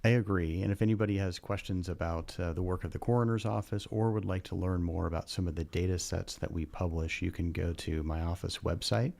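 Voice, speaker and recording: Man, very deep voice, gravelly, warm tone, measured and earnest, studio radio guest. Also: fairly even intonation. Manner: measured and earnest, with frequent "uh" pauses. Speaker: county prosecutor and coroner, radio guest. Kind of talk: radio interview. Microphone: studio microphone.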